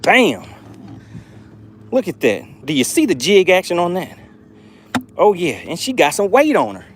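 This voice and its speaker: A man hosting a live fishing stream from a boat outdoors, excitably narrating his catch and reading chat aloud. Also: on the high side, normal speed, long pauses, a little hiss or hum. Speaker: fishing livestream host.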